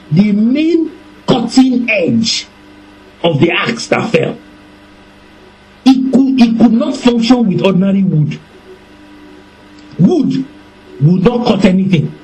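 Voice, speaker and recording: A man preaches a sermon in a high voice that swoops widely up and down, taking his time by stretching out phrases so each point lands slowly. He is animated, warm, and deliberate, with laughter breaking through now and then. The audio is poor, with slight background noise.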